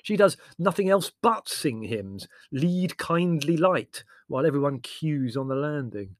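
A man's voice: fairly high pitch, animated, a little slow, no room sound, clean studio sound, voice pushed up. A man doing a sarcastic, theatrical young man. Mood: exasperated. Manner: dramatic, sarcastic, exasperated. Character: sardonic, theatrical young English writer, the eldest son.

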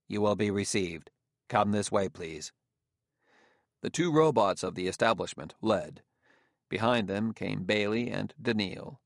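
Low, gravelly male audiobook narrator. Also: no room sound, clean studio sound. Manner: measured, steady storytelling. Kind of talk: scripted narration.

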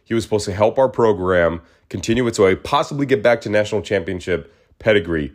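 A man's voice: lowish voice, lively intonation, fairly quick. A man hosting his own podcast, talking alone in a casual, rambling way and acting out quoted voices. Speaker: podcast host. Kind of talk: casual solo monologue.

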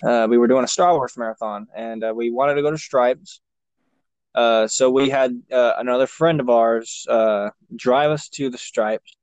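A man's voice: medium pitch, moderate pace, a little mellow, dry recording. A young man chatting casually, telling a long rambling story with lots of swearing and fillers. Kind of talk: casual chat.

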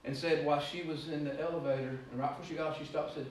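A man preaching a sermon, rambling through anecdotes and then rising to loud exhortation. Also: on the high side, steady tone, rapid-fire. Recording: echoey room, distant mic, faint noise.

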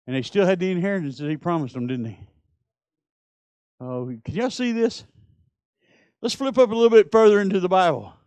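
High-voiced preacher. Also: male voice, fairly quick, pauses often, clean tone, dry recording. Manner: storytelling preacher, rising to loud emphatic peaks. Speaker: pastor. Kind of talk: sermon.

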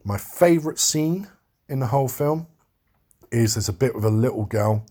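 A man's voice: medium pitch, expressive, normal speed, a little mellow, husky. A man giving a casual, rambling film review, talking frankly and swearing freely.

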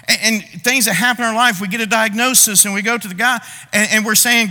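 A man preaching a sermon, acting out people's complaints to God with dramatic pauses. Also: high voice, bright, forceful tone. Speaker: pastor. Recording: long reverb of a large hall.

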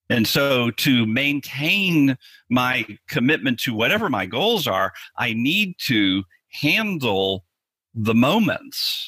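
A man's voice: medium pitch, sharp tone, breathy edge, no echo. A man speaking as a therapist, explaining his approach earnestly in an interview and thinking aloud with restarts.

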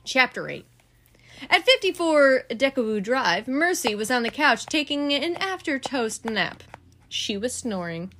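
A mother reads a bedtime storybook aloud, her voice high and bright. Her narration rises and falls with lots of expression, clear and gentle for a child. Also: unhurried, slight background noise. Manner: expressive, lively reading.

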